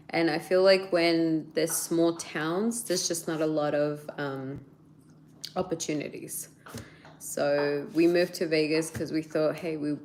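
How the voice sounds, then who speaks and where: A YouTuber in her thirties with an Australian accent and a deep voice chats casually with viewers, laughing often as she answers their questions. There's slight background noise.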